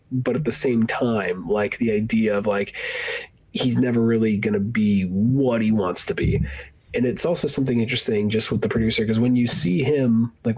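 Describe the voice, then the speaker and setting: A man's voice: lowish voice, darkish tone, breathy edge, poor audio. A man co-hosting a podcast, chatting casually and at length about a film, often acting out lines from it in a raised voice. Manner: rambling, acts out movie lines in raised voices. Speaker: podcast co-host. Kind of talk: casual film review chat.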